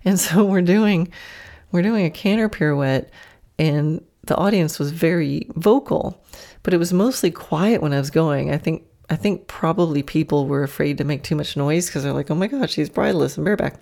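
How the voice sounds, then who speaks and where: A woman hosts her podcast with a low voice, telling a story in a relaxed, chatty way. Her tone has a gravelly fry, and she laughs often as she acts out her horse's imagined thoughts. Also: moderate pace. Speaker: podcast host and horse trainer. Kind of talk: casual storytelling monologue.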